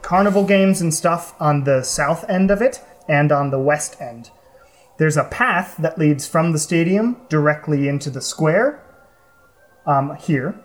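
A game master running a tabletop game, talking in a relaxed, rambling way with many ums and small laughs. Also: medium pitch. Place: room around a gaming table. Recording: roomy table recording.

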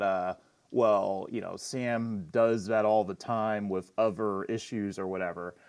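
A man in an online audio chat room giving measured advice after a hesitant start. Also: lowish voice. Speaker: discussion participant.

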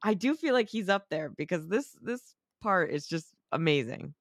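A podcast co-host chatting excitedly about a movie, swearing freely, acting out quotes and laughing often. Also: mid-range voice, moderate pace, no room sound, studio quality. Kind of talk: casual movie review chat.

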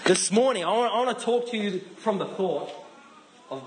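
A man's voice: high voice, lively intonation, normal speed, a crowd in the background, low-quality recording. A man with an Australian accent giving a casual, chatty sermon, with frequent restarts. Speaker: pastor.

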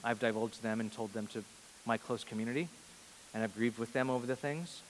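A man in his thirties preaching a sermon before a large congregation, earnest, moving between loud emphasis and soft, hushed lines. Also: mid-range voice, fairly even intonation, brisk, slight background noise. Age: 30s. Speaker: pastor. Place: large church hall before a big congregation. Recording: long reverb of a large hall.

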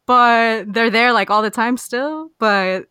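A woman's voice: fairly high pitch, takes it slowly, bright, forceful tone, clear, resonant tone, no room sound, clean studio sound. Bubbly young woman hosting a podcast. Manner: bubbly, heavy use of "like". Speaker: podcast host. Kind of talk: casual podcast chat.

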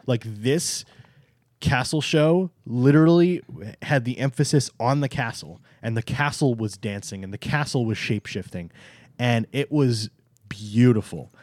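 A man's voice: medium pitch, a little slow, darkish tone, no echo. A man co-hosting a theme park podcast, talking in an enthusiastic, emphatic casual way. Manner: enthusiastic, emphatic, plugs channel. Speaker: podcast co-host. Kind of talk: casual chat.

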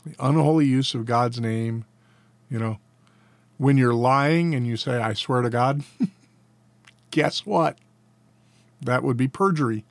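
A man's voice: medium pitch, vocal fry, dry recording. A man teaching a catechism lesson, reading each answer and then adding casual, folksy commentary with a chuckle. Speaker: Bible teacher.

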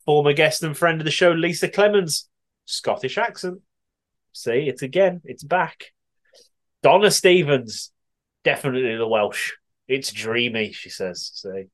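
A man's voice: on the high side, animated, measured pace. A man hosting a podcast, chatty and giggly as he reads listener answers in casual chat. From West Midlands, England. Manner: chatty and giggly, often laughing and swearing. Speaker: podcast host.

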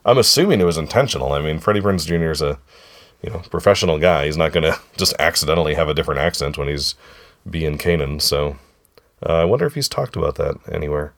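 A man with a hoarse, froggy voice from a sore throat, hosting a casual podcast chat with kids and often asking them if they remember. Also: very deep voice, expressive, fast. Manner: chatty, keeps asking the listeners if they remember. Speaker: podcast host.

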